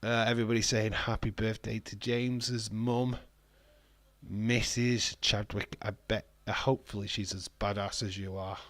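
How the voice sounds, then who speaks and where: A man hosting a live wrestling watch-along, chatty and excitable, swearing casually. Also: lowish voice, brisk, few pauses, no echo. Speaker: livestream host.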